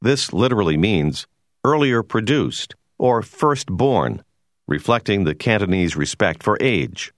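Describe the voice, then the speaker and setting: Deep-voiced man narrating a language lesson. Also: animated, no room sound, clean studio sound. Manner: measured, explanatory. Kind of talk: scripted educational narration.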